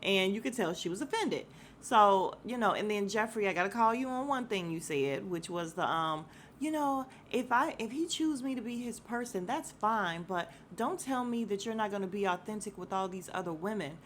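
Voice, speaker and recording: A woman's voice: mid-range voice, expressive, normal speed, a little hiss or hum. A woman hosting a podcast, giving a casual, opinionated recap of a reality show with slang and frequent laughs. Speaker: podcast host.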